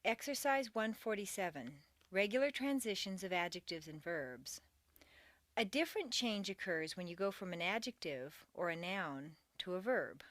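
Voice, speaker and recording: A woman reading a scripted pronunciation lesson, slowly drilling word pairs and carefully contrasting their stress. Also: fairly low pitch, animated, fairly bright tone, no room sound, clean studio sound. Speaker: pronunciation teacher.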